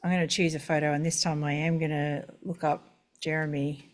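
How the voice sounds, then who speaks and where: Woman host, low voice, rambling chat over a video call. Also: level tone, brisk. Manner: chatty, rambling, many fillers. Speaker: webinar host.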